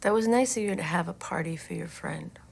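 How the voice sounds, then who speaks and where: A calm, probing psychiatrist. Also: female voice, on the low side, gravelly, breathy edge, full character voice. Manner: measured, patient, probing.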